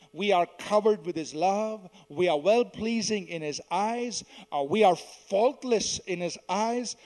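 In this sermon, a man teaches verse by verse and has the congregation repeat lines after him. His voice sits high, swelling loud on key words and falling soft at the ends.

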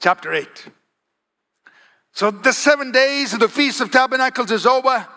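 A man's voice: very high-pitched, moderate pace, sharp tone. A man preaching a sermon, emphatic, asking the congregation for "Amen?" and varying his pace. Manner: emphatic, calls for "Amen?" and varies pace for effect.

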